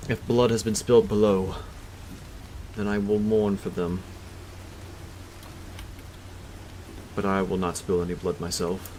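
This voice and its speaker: A man's voice: on the low side, little pitch movement, normal speed, a little mellow, slight background noise, close to an everyday voice, poor audio. A man voicing a humble, pleading male zealot leader in a tabletop game. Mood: calm.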